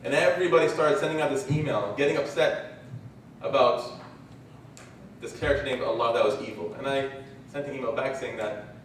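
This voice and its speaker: A man's voice: medium pitch, a little fast, long pauses. A man delivers a religious talk to a conference crowd, acting out his examples as he goes. His voice sits in the middle range and sounds far from the mic, with heavy hall echo and a faint hum of ambience behind it. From Canada. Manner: lively storyteller acting out examples. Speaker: conference speaker. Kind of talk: religious lecture.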